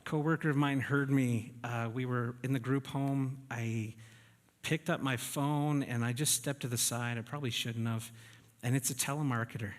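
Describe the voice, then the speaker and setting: A man's voice: mid-range voice, steady tone, moderate pace. A man preaching a sermon to his congregation in a church, conversational and often checking in with the room. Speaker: pastor. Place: church sanctuary. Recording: reverberant church hall.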